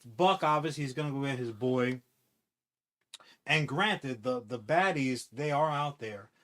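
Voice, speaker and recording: A man chatting casually on a podcast, rambling and swearing as he pitches a movie idea with acted-out quotes. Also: unhurried. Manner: rambling, profane, animated storytelling with acted-out quotes. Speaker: podcast co-host. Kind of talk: casual comic-book podcast chat.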